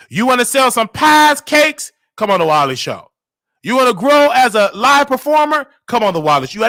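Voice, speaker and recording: Hosting a casual livestream, a man with a very high voice and a Southern US accent talks in an animated, sing-song manner, swinging from loud outbursts to hushed asides. There is no room sound.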